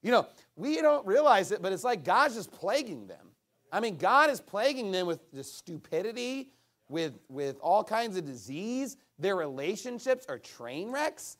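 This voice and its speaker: A man preaching a sermon, emphatic, swinging from booming lines to hushed ones. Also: big pitch swings, measured pace.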